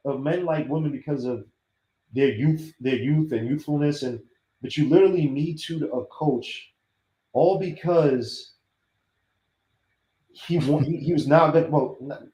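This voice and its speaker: High-pitched guy ranting on a podcast, voice jumps all over, echoey room. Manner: animated storytelling, acts out quoted voices. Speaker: podcast host. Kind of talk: casual podcast chat. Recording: roomy echo.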